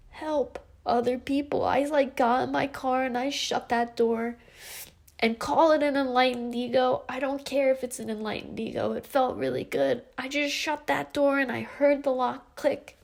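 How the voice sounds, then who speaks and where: A woman in her twenties speaks in a heartfelt, rambling confessional, tearful and stumbling through fillers. Her voice sits a little high and drops into a gravelly fry. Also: darkish tone. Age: 20s. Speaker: vlogger. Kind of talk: emotional confessional vlog.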